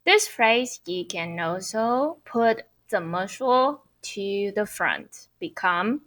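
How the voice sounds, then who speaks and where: A woman teaching an online Mandarin lesson, who explains cheerfully and repeats phrases slowly. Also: medium pitch, expressive, fairly bright tone. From Taiwan.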